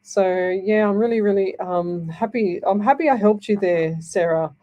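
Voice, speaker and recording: A middle-aged woman psychic medium hosts live radio, reassuring callers in a rambling way and frequently adding "okay?" while reading. Her medium-pitched voice moves at a moderate pace, and the recording sounds muffled.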